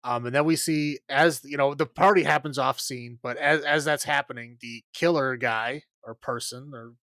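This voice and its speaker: Casual male podcast host, mid-pitched, chatty and meandering with plenty of "um" and "like", recorded dry and close. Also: fairly even intonation, normal speed, a bit bright, no echo. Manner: rambling, filler-heavy, laughs often. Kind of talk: casual chat recapping a film.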